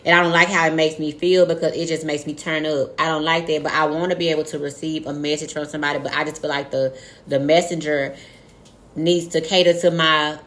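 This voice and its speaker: A young woman talking frankly and profanely in a casual chat, acting out quoted lines with animated storytelling. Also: deep voice, brisk.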